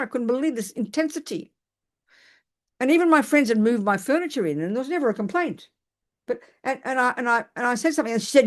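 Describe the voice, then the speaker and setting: An older woman, a Buddhist teacher giving a dharma talk. She tells lively, self-mocking personal stories and often restarts her sentences. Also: fairly high pitch, quick pace.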